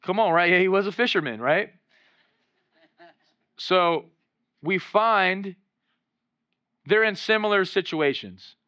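A man's voice: high-pitched, animated, slow pace, long pauses, bright, forceful tone, no room sound, highs cut off. A male pastor preaching a sermon, exhorting the congregation and acting out voices in his retellings. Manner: acts out voices when retelling scenes.

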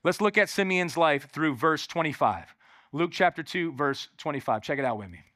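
A man preaching a lively sermon as pastor in a church, calling on the congregation and exclaiming as he goes. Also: a little high, moderate pace, dry recording, clean studio sound. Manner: calls on the crowd, exclaiming and animated.

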